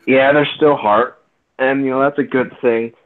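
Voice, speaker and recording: A man's voice: mid-range voice, fairly even intonation, moderate pace. A man co-hosting a podcast remotely in casual chat, a little defensive. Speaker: podcast co-host. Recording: tinny phone-like call line.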